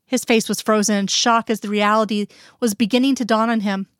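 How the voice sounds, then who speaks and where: A woman's voice: medium pitch, steady tone, fairly quick, clean tone, dry recording, studio quality. A woman reading a first-person story aloud in an earnest, intimate storytelling voice. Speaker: reader.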